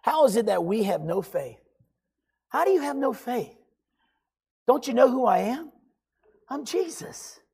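A weary, irritated man, freshly woken, scolds his companions in a husky, breathy voice, as a preacher acts him out. The lines are exasperated and come in the middle of a sermon. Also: mid-range voice, very animated, a little slow, long pauses, darkish tone, exaggerated voice.

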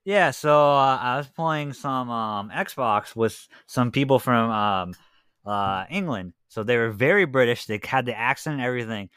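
Young man, podcast co-host, casual rambling chat, mid-pitched voice, dry sound. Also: unhurried, fairly bright tone, clean tone, dry recording. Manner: rambling, loose storytelling with many fillers.

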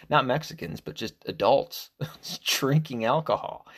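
A man in his forties from the United States, hosting a casual solo podcast, rambling and swearing, sometimes bursting into loud mocking voices. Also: mid-range voice, fairly quick, vocal fry. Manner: rambling, profane, jumps to loud mocking quotes. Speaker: podcast host.

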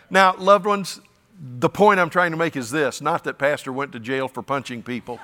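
A man's voice: a little high, normal speed, pushed and bright, in a large hall. A man preaching a sermon as pastor in a folksy, emphatic way, with stammered restarts. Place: church sanctuary.

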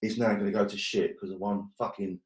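A man's voice: fairly low pitch, little pitch movement, a little fast, reverberant. A man telling his story as a guest, blunt and swearing often, joking about hard times. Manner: blunt, swears a lot, jokes about hardship. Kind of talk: casual storytelling.

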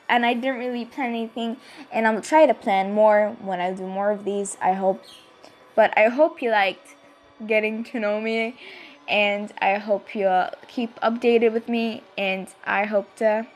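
A woman's voice: fairly high pitch, steady tone, unhurried, soft background music. A young woman vlogging casually to camera, rambling and interrupting herself with lots of fillers. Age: young adult.

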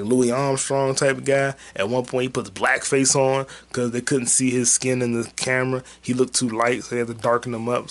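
Rambling, profane solo podcast host. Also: male voice, medium pitch. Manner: rambling, profane, jokey, puts on silly voices for quotes. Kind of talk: solo movie-review rant. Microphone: mic on camera.

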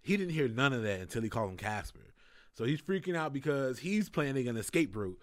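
In clean studio sound with no room echo, a young male comedian guest spins an animated story in relaxed conversation. His mid-range voice moves fairly quickly, he laughs a lot, and he performs the voices of the people in his quotes.

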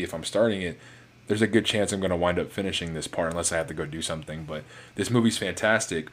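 Deep-voiced man rambling through a movie review. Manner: rambling, relaxed, with many fillers and restarts.

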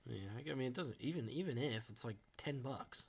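A man's voice: medium pitch, moderate pace, creaky, crowd noise. A young man co-hosting a podcast, chatting casually, joking and rambling with frequent laughs. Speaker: podcast co-host. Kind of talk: casual chat.

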